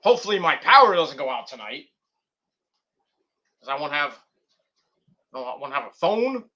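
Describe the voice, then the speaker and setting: A man's voice: on the high side, big pitch swings, moderate pace, sharp tone, highs cut off. A man vlogging casual, rambling commentary, swearing freely and drifting off on tangents. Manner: rambling, profane, goes off on tangents. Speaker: wrestling review vlogger.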